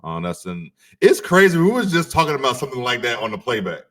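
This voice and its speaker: A man's voice: medium pitch, sing-song, a bit bright. A man co-hosting a podcast, laid-back and casually profane as he chats and wraps up the show. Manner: laid-back, swears casually, drawn-out sign-off. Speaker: podcast co-host. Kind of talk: casual chat.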